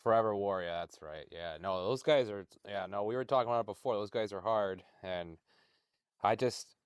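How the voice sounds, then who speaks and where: A man's voice: on the low side, moderate pace, clear, resonant tone, dry recording, clean studio sound. A man hosting a podcast in casual chat, laid-back and swearing freely, with lots of fillers. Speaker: podcast host.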